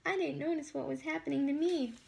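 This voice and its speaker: A woman voicing an eager, curious young male pollywog in a read-aloud picture book, asking excited questions. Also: high-pitched, brisk, vocal fry.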